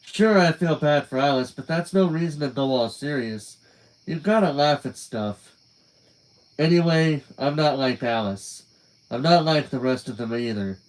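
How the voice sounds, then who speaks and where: A young man reads a novel aloud in a live stream, casual and conversational between lines. His voice sits at an ordinary middle pitch. Crickets chirp softly behind him in the quiet night. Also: normal speed, low-quality recording. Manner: casual, laughs and swears in asides. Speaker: reader.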